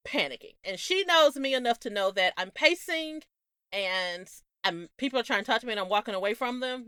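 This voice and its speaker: A young adult woman co-hosting a podcast, telling stories in a casual, animated way, laughing often. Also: mid-range voice, dry recording, studio quality. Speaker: podcast co-host. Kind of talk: casual chat.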